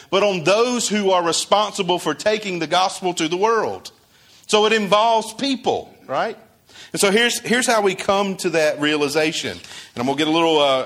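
A man's voice: sits high, fairly bright tone. A male pastor preaching a sermon in a conversational way, asking his congregation questions and acting out quoted dialogue.

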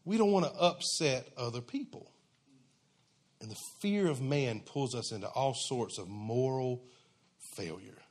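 A man's voice: mid-range voice, lively intonation, normal speed. A man preaching a sermon in a conversational, emphatic, folksy way.

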